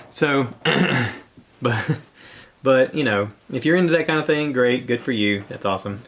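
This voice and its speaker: A mid-range male voice at a measured pace carries this solo podcast monologue. The host rambles conversationally and seems somewhat short of breath.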